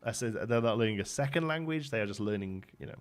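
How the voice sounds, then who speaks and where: Animated and fast, a lowish-voiced man in his thirties from Birmingham chats casually as a game streamer in a Brummie accent. He rambles with lots of restarts, and faint music plays in the background.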